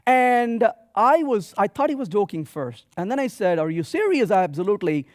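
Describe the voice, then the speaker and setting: A man giving a software conference talk, telling stories with quoted dialogue in an animated way. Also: high-pitched, moderate pace, no room sound, clean studio sound. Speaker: conference speaker. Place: conference hall stage.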